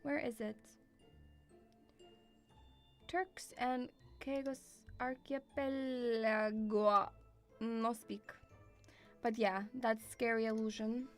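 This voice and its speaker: A woman's voice: a little high, steady tone, unhurried, soft background music. A young woman chatting on a stream, rambling with lots of fillers and swearing. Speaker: VTuber streamer. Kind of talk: casual stream chat.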